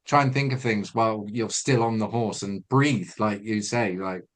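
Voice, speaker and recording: A man's voice: lowish voice, normal speed. A man co-hosting a webinar, giving riding advice over a video call and thinking aloud with many restarts. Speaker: retraining coach and webinar co-host. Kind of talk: casual instructional chat.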